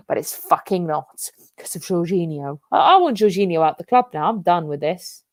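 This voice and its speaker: Young woman, football watch-along host, foul-mouthed, pitch leaping all over, dry sound. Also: expressive, moderate pace, hardly any pauses, a little mellow, no room sound. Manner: swearing, explosive outbursts at the match. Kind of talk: live watch-along chat.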